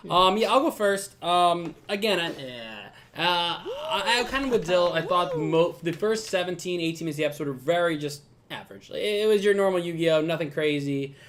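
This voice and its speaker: A man cohosting a podcast, rambling excitedly with many fillers and restarts. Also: fairly high pitch, normal speed, hardly any pauses, a little hiss or hum. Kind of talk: casual podcast discussion.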